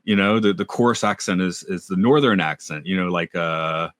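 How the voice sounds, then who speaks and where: A man co-hosting a podcast, chatting casually with rambling, animated asides. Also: low voice, moderate pace, no echo, clean studio sound. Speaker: podcast co-host. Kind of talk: casual chat.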